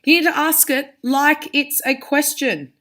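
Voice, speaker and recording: A woman's voice: sits high, fairly even intonation, unhurried, sharp tone. A woman teacher explaining to pupils how to read punctuation and character voices aloud, demonstrating as she goes. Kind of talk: reading lesson for pupils.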